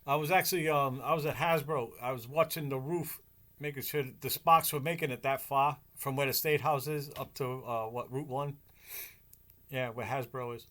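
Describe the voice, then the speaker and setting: A man's voice: medium pitch, steady tone, moderate pace, fairly bright tone. A man from Rhode Island co-hosting a podcast, talking bluntly and casually, swearing freely and teasing his friends. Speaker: podcast co-host. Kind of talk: casual chat.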